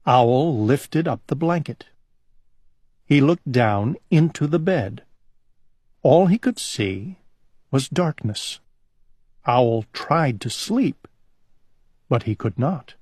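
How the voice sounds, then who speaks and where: A man reading a children's storybook aloud in a calm, gentle, unhurried way. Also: medium pitch, slightly rough, no echo, clean studio sound.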